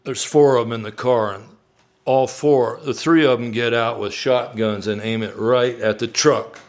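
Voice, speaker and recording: A man, a singer-songwriter, telling an animated story live on stage and acting out the people in it. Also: fairly low pitch. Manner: animated storyteller, acts out quoted voices.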